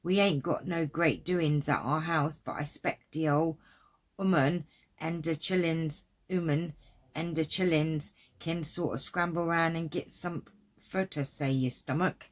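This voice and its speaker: A woman's voice: sits low, fairly even intonation, a little slow. Sassy rabbit character, as a woman reads him. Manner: folksy old Southern dialect reading. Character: sassy quick-witted male rabbit.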